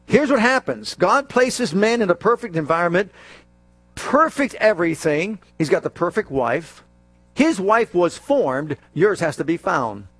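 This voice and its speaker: A man preaching a sermon with a lively, swooping delivery, often joking and acting out little scenes. His voice sits fairly high for a man, and the sound is dry and close. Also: measured pace, no echo. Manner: animated and jokey, acts out scenes.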